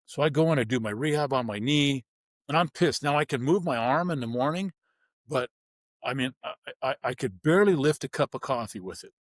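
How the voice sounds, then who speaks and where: A man's voice: medium pitch, lively intonation, a little fast, no room sound. Blunt storytelling man, dry close mic. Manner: vivid, blunt storytelling with acted-out dialogue. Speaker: guest, former pro football player. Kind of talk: storytelling interview.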